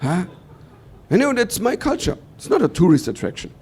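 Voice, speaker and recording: This German comic from Bavaria speaks with a German accent in a high voice at normal speed, with a breathy edge. His stand-up comes across as lively storytelling in which he voices the other characters himself.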